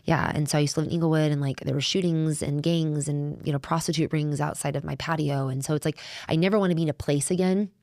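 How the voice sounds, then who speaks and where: A middle-aged woman with a low, gravelly voice co-hosts a faith podcast. She talks in an earnest, heartfelt way and often circles back and restarts her sentences. The sound is dry and close, with little room echo. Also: steady tone, fast, few pauses, a little mellow. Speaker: podcast co-host. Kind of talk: faith-based conversational podcast.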